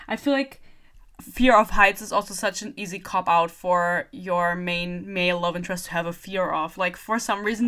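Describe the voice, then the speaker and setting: A woman's voice: medium pitch, pushed and bright. A young woman ranting sarcastically through a book review, giggling and swearing as she goes.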